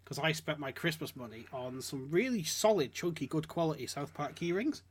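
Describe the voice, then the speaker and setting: A man's voice: a little high, lively intonation, fairly quick. Ranting sweary man. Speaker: podcast host. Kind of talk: casual podcast chat.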